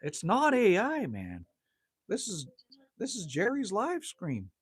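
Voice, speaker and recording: A laid-back man chats with viewers on a livestream from outside his cabin in the evening. His voice is husky, and his pitch swings a lot as he talks. The sound is dry and close, with little room echo. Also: wildly swooping pitch, slow. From Manitoba, Canada. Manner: laid-back and chatty, teases himself, swears lightly, says "man" often. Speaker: livestream host. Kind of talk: casual livestream chat reading viewer comments.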